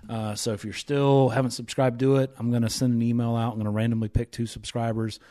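A man's voice: mid-range voice, little pitch movement, fast talker, no room sound, studio quality. A man in his thirties, a recovery minister hosting a podcast, talking in an earnest, heartfelt way. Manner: earnest, heartfelt, drops quiet when moved. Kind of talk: casual reaction chat.

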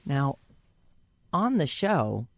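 A woman's voice: rumbling low, very animated, drawn-out words, no room sound. Laughing woman host with a cold. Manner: teasing, laughs often, reads quotes dramatically. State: has a cold. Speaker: radio show host. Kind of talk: casual radio chat, quizzing a co-host.

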